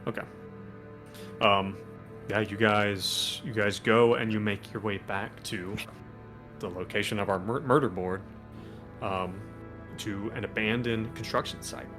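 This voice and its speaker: A man's voice: on the low side, steady tone, measured pace, long pauses, fairly bright tone, faint music behind. A man acting as game master, narrating a tabletop game in a casual, rambling way full of fillers.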